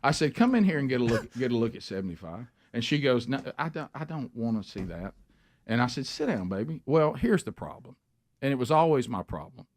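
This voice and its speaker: A man hosting a talk show, telling a long animated story and acting out the voices of both people in it. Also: medium pitch, fast talker. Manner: animated storyteller, acts out dialogue. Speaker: radio show host.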